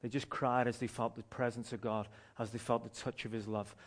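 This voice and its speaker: A man, a street pastor telling a story from the pulpit in an animated way, often restarting his phrases. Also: mid-range voice, fairly quick. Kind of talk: sermon testimony storytelling.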